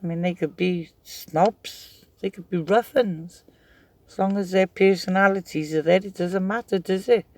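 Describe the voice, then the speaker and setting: Chatty high-voiced gravelly man. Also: moderate pace, darkish tone, no room sound. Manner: chatty, rambling, laughs while telling stories. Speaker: craft vlogger. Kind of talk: casual storytelling.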